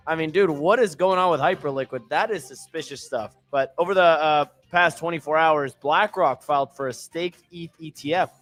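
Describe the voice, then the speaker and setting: A man's voice: on the high side, moderate pace, hardly any pauses, a bit bright, soft background music. A man co-hosting a casual crypto podcast, reading market news with brash, sarcastic asides and casual swearing. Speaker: podcast co-host.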